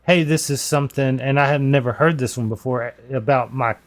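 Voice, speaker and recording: A man co-hosting a podcast, telling stories in a casual, animated way and laughing as he goes. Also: mid-range voice, fairly quick. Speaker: podcast co-host. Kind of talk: casual storytelling chat.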